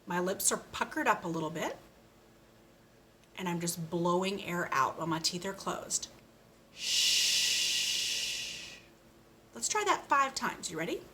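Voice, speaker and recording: A woman giving a slow, patient speech lesson to a child, modeling each sound with care. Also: lowish voice, very animated, noisy background. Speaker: speech therapist.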